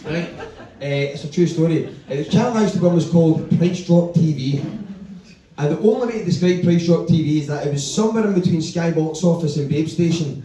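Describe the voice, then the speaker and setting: A man's voice: on the high side, brisk, warm tone, a little hiss or hum. A Glaswegian man performing a stand-up routine on a comedy club stage, with punchy, sweary, self-mocking storytelling. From Glasgow. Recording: echoey live club, distant mic, audience laughter.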